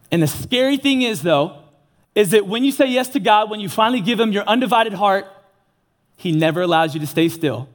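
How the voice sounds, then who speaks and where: A man's voice: high-pitched, a little fast. A young man giving an earnest, casual sermon, mixing slang into his preaching. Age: young adult.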